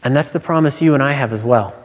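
Pastor preaching in a reverberant hall. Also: male voice, medium pitch, quick pace. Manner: conversational preaching with personal anecdotes. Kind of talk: sermon. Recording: long reverb of a large hall.

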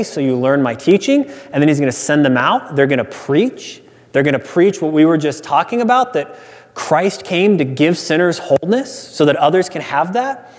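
A male pastor preaches an earnest, emphatic sermon, returning again and again to repeated refrains. His voice is a little high for a man, with a darkish tone. A long reverberant hall tail trails the sound.

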